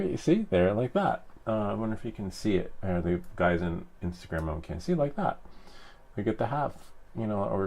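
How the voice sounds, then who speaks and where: A man's voice: lowish voice, gravelly, a little mellow. A man chatting casually with his live-stream viewers, rambling and teasing with many fillers and chuckles. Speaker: live streamer and 3D printing hobbyist.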